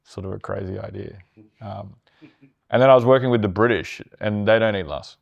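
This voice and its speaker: Lower-voiced man telling anecdotes. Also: a little fast, vocal fry, lo-fi sound. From Australia. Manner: animated anecdotes, swears, mimics voices. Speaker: startup founder, interviewee. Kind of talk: casual storytelling conversation.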